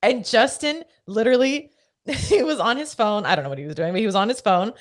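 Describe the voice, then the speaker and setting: A woman's voice: a little high, brisk. A woman in her thirties chatting casually as a co-host, laughing often and swearing freely as she tells stories. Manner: laughing, swearing, animated storytelling. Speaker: podcast co-host. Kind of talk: casual chat.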